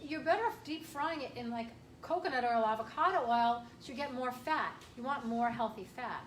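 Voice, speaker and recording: High-pitched woman doing a chatty health talk to a group, echoey room, mic kinda far off. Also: normal speed, slight background noise. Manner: chatty, emphatic, clears throat often. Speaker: chiropractor giving a health talk. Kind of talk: casual health workshop talk. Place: room with an audience.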